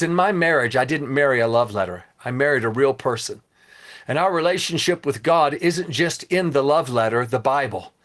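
Male preacher hosting his own show; earnest, emphatic sermon delivery, voice on the higher side. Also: fairly bright tone. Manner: earnest, emphatic teaching with rhetorical questions.

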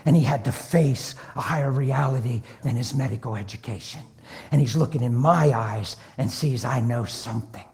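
A man preaching a sermon, telling stories and acting out conversations, swinging between hushed and loud. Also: mid-range voice, moderate pace, creaky. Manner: acts out dialogue in different voices. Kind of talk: sermon with storytelling.

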